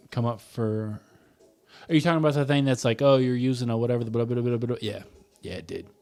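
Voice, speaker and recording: Male host, casual reactive commentary, mid-pitched, jokey, talks back to the screen. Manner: chatty, joking, reacts out loud. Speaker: wrestling stream host. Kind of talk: casual live watch-along commentary.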